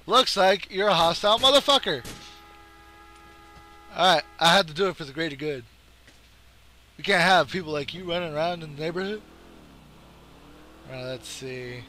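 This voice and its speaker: A young man commentating his own gameplay, trash-talking and often breaking into yells. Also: high-pitched, fairly quick. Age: young adult. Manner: excitable, trash-talking, swings to yelling.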